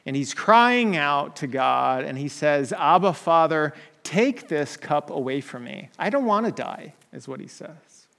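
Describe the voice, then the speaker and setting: A man's voice: a little high, animated, unhurried, vocal fry, a bit bright, long reverb tail. A man preaching a conversational sermon, often checking in with "right?" and restarting his sentences.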